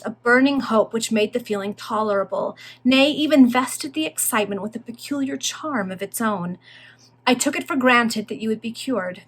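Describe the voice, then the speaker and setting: A woman's voice: a little high, fairly bright tone. A woman reading an emphatic proud earl. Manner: emphatic, formal old-fashioned speech. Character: earnest proud male nobleman, an earl, declaring love. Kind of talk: reading a Victorian novel aloud.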